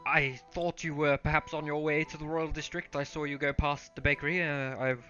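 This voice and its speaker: An earnest, well-mannered male baker, voiced by a man with a bright tone. He speaks eagerly and politely. The recording is a bit dull, with faint music underneath. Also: fairly high pitch, steady tone, a little fast. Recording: dull lo-fi sound.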